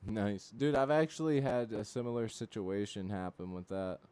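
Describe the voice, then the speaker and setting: A young man chats casually on his livestream in a low, smooth, mellow voice. He tells rambling, profane stories padded with fillers, and he reacts loudly and with disbelief to what chat says. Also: moderate pace, no room sound. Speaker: livestream host.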